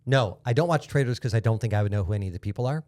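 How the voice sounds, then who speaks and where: A man guests on a podcast and chats in a joking, teasing way. He talks fast with a lively, swinging pitch. His voice is recorded close with no room sound. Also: no echo. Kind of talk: casual chat.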